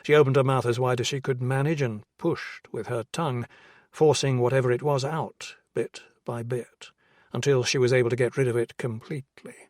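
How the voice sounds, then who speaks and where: A man reading a crime thriller as an audiobook narrator, with steady, measured narration and a husky voice. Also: mid-range voice, no room sound, clean studio sound. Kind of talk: scripted narration.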